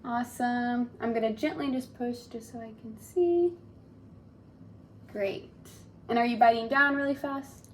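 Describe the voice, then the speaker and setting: A woman's voice: on the high side, a little slow, pauses often, a little hiss or hum. A young woman giving a clinical exam, giving polite step-by-step instructions and often saying "awesome". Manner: polite, encouraging, repeats "awesome". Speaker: speech therapy student examiner.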